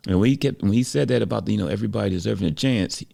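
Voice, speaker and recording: A man narrating a story casually, relaxed and reflective, with frequent conversational fillers. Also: on the low side, racing, vocal fry. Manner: relaxed, reflective, many "you know" fillers.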